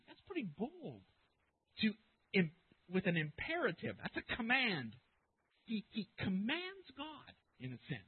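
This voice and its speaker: A man preaching a sermon as pastor, speaking emphatically and getting loud when he quotes scripture. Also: sits high, huge pitch swings, measured pace, breathy edge. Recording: narrow phone-like sound.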